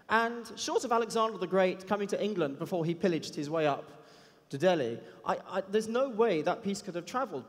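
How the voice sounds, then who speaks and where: A man giving a chatty, self-deprecating anecdotal talk on a conference stage. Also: sits high. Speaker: conference speaker. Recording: long hall reverb.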